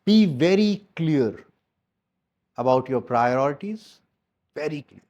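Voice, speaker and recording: A man's voice: a little high, lively intonation, takes it slowly, darkish tone, dull audio. A man giving a motivational talk to his team as their business coach. He speaks emphatically, repeats key phrases and is blunt, with some mild swearing.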